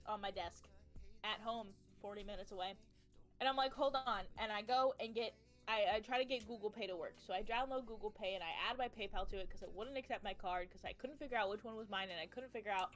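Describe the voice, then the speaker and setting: Jovem mulher americana, fala animada e desbocada, imita vozes agudas, música baixinha ao fundo. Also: female voice, fast, faint music behind. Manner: animated, acts out quoted people in higher voices, swears freely. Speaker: streamer. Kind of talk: casual storytelling on a game stream.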